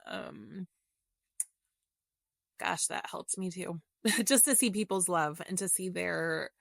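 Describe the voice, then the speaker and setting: A woman's voice: on the low side, slow pace, vocal fry, fairly bright tone, no room sound, studio quality. A middle-aged woman, a podcast guest, telling a personal story in an open, reflective and emotional way in casual conversation.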